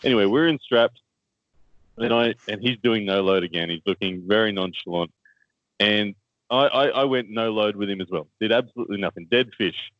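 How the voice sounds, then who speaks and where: A man's voice: on the low side, a little fast, dry recording, dull audio. A man with an Australian accent, co-hosting a casual chat and telling a story, laughing often and repeating words as he goes. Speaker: co-host, armwrestler.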